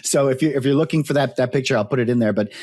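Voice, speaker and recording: A man's voice: medium pitch, rapid-fire, a little mellow. A man co-hosting a casual mountain bike podcast, rambling with lots of "like" and "you know". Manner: rambling, heavy use of fillers like "you know" and "like". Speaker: podcast co-host. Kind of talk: casual chat.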